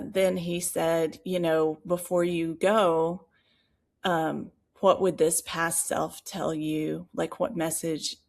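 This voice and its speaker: A woman co-hosting a podcast, telling a personal story in casual chat, animated and full of fillers and asides. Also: lowish voice. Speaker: podcast co-host.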